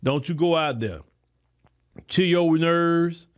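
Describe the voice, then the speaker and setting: A man's voice: a little high, slow, clear, resonant tone. A man hosting a podcast, giving a political commentary monologue in an emphatic, preachy way, talking straight to his listeners with loose, repetitive phrasing. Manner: colloquial, many repeated words. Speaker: podcast host.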